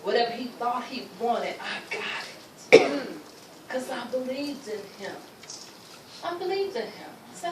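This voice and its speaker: A woman with a somewhat high voice tells her personal testimony with emphatic, storytelling delivery, acting out the people she quotes. She is recorded from a distance in an echoey hall, with noise behind her. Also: big pitch swings, measured pace. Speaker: speaker sharing her testimony. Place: luncheon venue, roomy hall.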